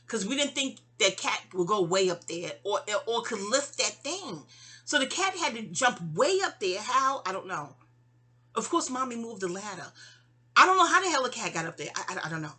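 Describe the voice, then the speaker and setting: A middle-aged woman with a New York accent tells a story from her own life. Her voice is husky but bright and forceful. She rambles and drifts off on tangents, full of ums and restarts. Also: on the high side, big pitch swings, normal speed. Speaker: vlogger telling a memoir story. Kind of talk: casual rambling storytelling monologue.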